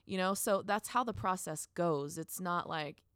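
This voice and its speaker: A woman's voice: on the low side, a little slow, fairly bright tone, smooth, no echo, clean studio sound. A woman in her thirties co-hosting a podcast, talking earnestly and encouragingly in long casual runs. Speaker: podcast co-host.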